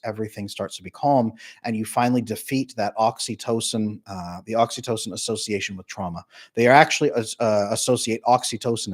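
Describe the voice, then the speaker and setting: Animated man coaching on a livestream. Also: fairly low pitch. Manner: animated, acts out little scenes in voices; talks straight to viewers, chatty and emphatic. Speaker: attachment coach. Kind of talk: casual livestream explainer.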